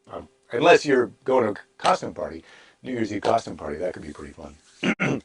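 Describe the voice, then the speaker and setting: A man's voice: lowish voice, very animated, a little fast, husky, faint music behind. Wry rambling male comedian. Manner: wry, rambling asides, mock-dramatic readings. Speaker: comedian hosting a daily live stream. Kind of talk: casual comedic chat with Bible reading.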